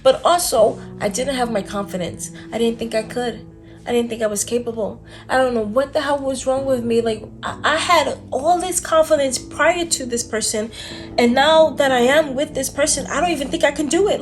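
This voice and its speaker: A woman vlogger talks candidly about her own experience in a mid-range voice, with a loose, conversational delivery full of fillers. She is blunt and exasperated, and she leans on slang for emphasis. Soft music plays faintly underneath. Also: medium pitch. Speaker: self-development vlogger. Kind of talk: casual personal storytelling to camera.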